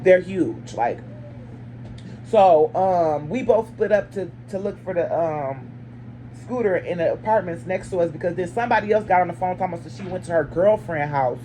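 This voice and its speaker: A woman, a mother, telling a personal story to her viewers in casual chat. She is blunt and lively, and she acts out each side of the dialogue with sudden jumps in pitch. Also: normal speed, slight background noise. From lives in Arizona. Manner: blunt and chatty, talks straight to viewers.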